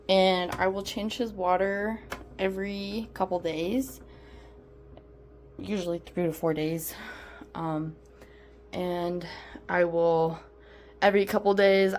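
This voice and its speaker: A woman's voice: medium pitch, darkish tone. Chatty woman vlogging her pet care. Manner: chatty, lots of fillers, coos baby talk at her pet. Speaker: exotic pet keeper. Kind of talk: casual pet care vlog. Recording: background music.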